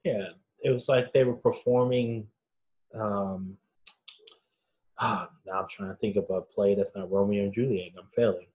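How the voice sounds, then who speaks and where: Relaxed man on a dull lo-fi mic. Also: fairly low pitch, normal speed. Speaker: podcast co-host. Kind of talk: casual movie review chat.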